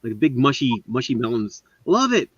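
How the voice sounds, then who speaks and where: A man's voice: medium pitch, big pitch swings, normal speed, a bit bright, husky, no echo. A man hosting a casual live-stream chat, talking in an enthusiastic, rambling show-and-tell way. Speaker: host. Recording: dull lo-fi sound.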